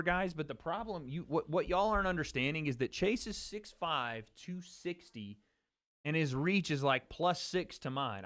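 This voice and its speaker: A man's voice: on the high side, fairly bright tone, dry recording. A man hosting a casual livestream, chatting loosely with his viewers, joking and repeating himself. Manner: loose and chatty, talks straight to chat, jokes and repeats himself. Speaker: livestream host. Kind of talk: casual livestream chat reacting to fight chat.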